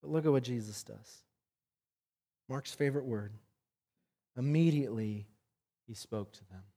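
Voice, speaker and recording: A man preaching a sermon, telling a story with animation and swinging between loud and soft passages. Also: mid-range voice, measured pace. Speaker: pastor.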